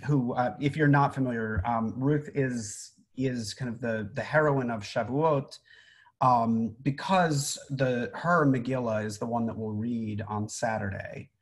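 A man's voice: medium pitch, measured pace. A middle-aged man, a rabbi, giving an informal talk on a Bible story, conversational, with frequent ums and restarts. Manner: conversational, many fillers and restarts. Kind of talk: informal Torah teaching.

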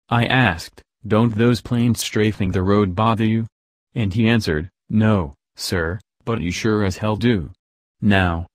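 A man reading out a blunt, profane army general's speech to his troops in a gruff, commanding manner. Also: lowish voice, a little mellow, no room sound, natural voice. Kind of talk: read-aloud speech.

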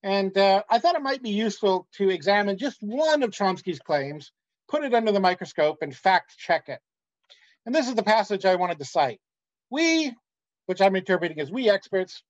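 A man giving an academic conference talk, measured and pausing often with "uh.". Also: sits high, muffled recording. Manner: measured, with frequent "uh" pauses. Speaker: academic lecturer.

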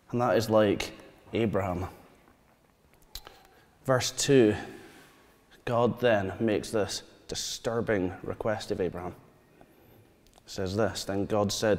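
Pastor preaching in a reverberant church. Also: male voice, lowish voice, fairly even intonation, unhurried, pauses often. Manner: storytelling, asks the congregation questions, quiet asides. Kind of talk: sermon. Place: church hall.

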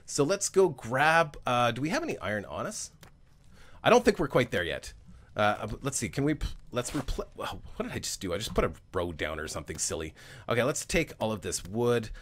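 Male gaming host, cheerful running commentary with a lively voice that swoops a lot. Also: mid-range voice, moderate pace. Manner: chatty and upbeat, laughs often, thinks aloud while playing. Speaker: let's play host. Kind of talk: casual gameplay commentary.

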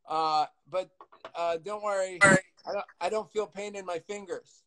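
On a low-quality live video call, a man with a high voice cooks and talks at a moderate pace as the guest cook. Casual and self-deprecating, he cracks jokes and gets loud when he leans toward the mic.

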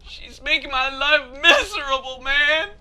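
A man's voice: extremely high pitch, expressive, unhurried, sharp tone. A man commentating his own gameplay, getting frustrated, laughing and cursing at failed jumps. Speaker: let's play gamer.

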